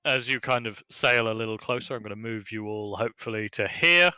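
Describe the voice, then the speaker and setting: A man narrating as game master in a tabletop game, chatty and relaxed with many fillers. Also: fairly low pitch, a little fast, clear, resonant tone, no room sound, low-quality recording.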